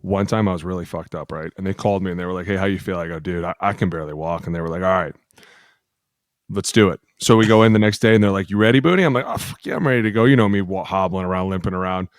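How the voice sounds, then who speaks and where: A man talking fast and loose on a podcast, trading rowdy, profane stories and acting out every voice in them. His voice sits a bit low, and the sound is close and dry with no room around it. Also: dry recording. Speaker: podcast co-host, former football lineman. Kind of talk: casual podcast chat.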